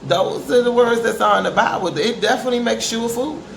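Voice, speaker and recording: A woman's voice: fairly high pitch, fairly quick, gravelly. A middle-aged woman speaks to camera in a candid, emphatic, preachy way, often calling her listeners honey. Her voice rings in a reverberant room. A faint hiss sits under the recording. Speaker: parent giving advice. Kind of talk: candid motivational talk to camera. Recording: echoey room with faint noise.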